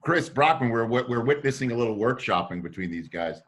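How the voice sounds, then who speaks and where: Male talk host at home on video call, animated and eager, mid pitch. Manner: enthusiastic, quick to laugh. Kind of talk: casual chat.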